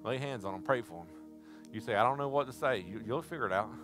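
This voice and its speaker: A man preaching a sermon at a church service, telling stories in a folksy way and breaking into shouts. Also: medium pitch, fast talker, over music. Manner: folksy storytelling, bursts into shouting.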